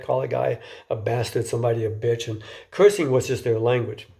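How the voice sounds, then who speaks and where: A man's voice: medium pitch, brisk, gravelly, dark tone. A man giving an informal lecture in a conversational way, often restarting and repeating words and asking his listeners questions.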